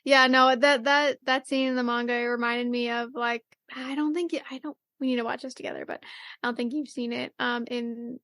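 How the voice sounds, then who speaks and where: Woman, high voice, podcast co-host, casual chatty recap, rambling, many fillers, dry close sound. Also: steady tone, moderate pace, fairly bright tone, no room sound. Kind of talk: casual anime recap chat.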